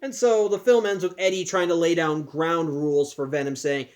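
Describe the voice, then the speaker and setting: A man's voice: fairly high pitch, steady tone, normal speed, few pauses, darkish tone. A man casually recapping a film plot, talking in a loose, chatty way with many restarts and asides. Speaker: podcast host.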